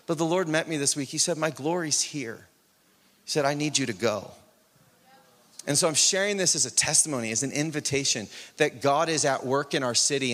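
A man's voice: fairly high pitch, a bit bright, big-room sound. A man preaching a sermon as pastor, telling a story with acted-out dialogue and building to urgent exhortation.

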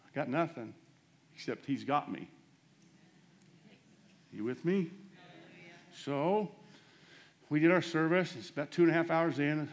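Animated preacher man, fairly high voice. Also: unhurried, long pauses. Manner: animated, swings between loud bursts and hushed asides; self-deprecating, acts out dialogue in his story. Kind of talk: storytelling sermon.

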